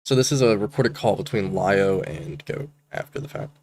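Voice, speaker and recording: A man's voice: lowish voice, expressive, moderate pace, darkish tone, slight background noise. A man streaming, reading chat messages aloud in casual commentary, hesitant and anxious, with casual swearing.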